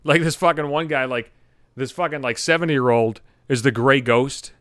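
A man's voice: medium pitch, normal speed, a bit bright, no echo, studio quality. A man hosting his own podcast, ranting at home with constant swearing and exasperation. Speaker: podcast host. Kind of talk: profane comedic rant.

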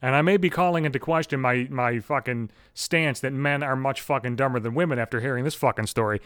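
A man's voice: medium pitch, brisk, a bit bright, smooth, no room sound, studio quality. A young man ranting crudely and with exasperation on his podcast, swearing constantly. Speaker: podcast host. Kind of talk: profane comedic rant.

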